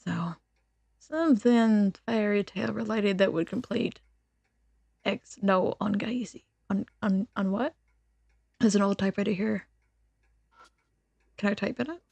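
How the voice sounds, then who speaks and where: A woman's voice: mid-range voice, measured pace, creaky, long pauses, darkish tone, dry recording. A woman streaming a game, chatting casually with her viewers in a teasing, giggly way and reading the game's text aloud. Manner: teasing, giggly banter with chat.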